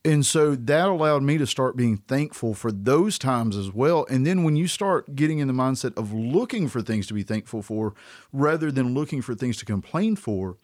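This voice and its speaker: A male producer with a mid-pitched voice who speaks in earnest, heartfelt terms about his own experience. He sounds like he is joining a casual faith discussion. The recording is dry and close. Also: animated, moderate pace, darkish tone, no echo. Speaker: podcast producer.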